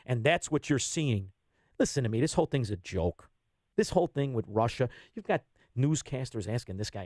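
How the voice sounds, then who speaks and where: A man, ranting bluntly as a radio guest and swinging between loud bursts and low asides. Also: animated, moderate pace, dry recording, clean studio sound. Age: 50s. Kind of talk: heated political radio talk.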